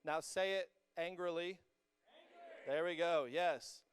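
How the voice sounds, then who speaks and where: Energetic young male youth pastor, clear voice. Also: a little high, unhurried, dry recording. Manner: energetic, joking with the audience, rising to emphatic peaks. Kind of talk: sermon. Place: church hall with a student congregation.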